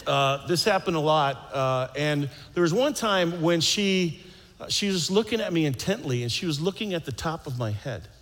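A man preaching a sermon, telling a personal story with playful quoted voices, then turning slow and solemn. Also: on the high side, lively intonation, fairly bright tone. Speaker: pastor. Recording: long hall reverb.

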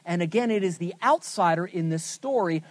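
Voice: mid-range voice, expressive, a little fast, no echo. Questioning Bible study teacher, dry sound. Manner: asks the group many questions, then answers them with emphasis. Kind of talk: teaching a scripture lesson.

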